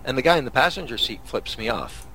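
A man's voice: medium pitch, very animated, quick pace, sharp tone, slightly rough. A man from Canada hosting a podcast, telling angry road-rage stories in a profane, casual rant. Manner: angry, swearing storyteller. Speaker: podcast host.

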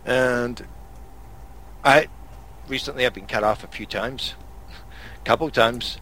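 A man's voice: mid-range voice, measured pace, fairly bright tone, slight background noise. A man from Canada hosting a podcast, telling angry road-rage stories in a profane, casual rant. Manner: angry, swearing storyteller. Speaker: podcast host.

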